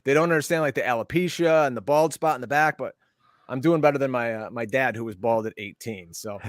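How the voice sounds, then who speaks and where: A man hosting a sports podcast with upbeat, chatty banter and quick promotional plugs over what sounds like a video call. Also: mid-range voice, dry recording, clean studio sound. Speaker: podcast host. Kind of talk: lively show hosting, casual banter.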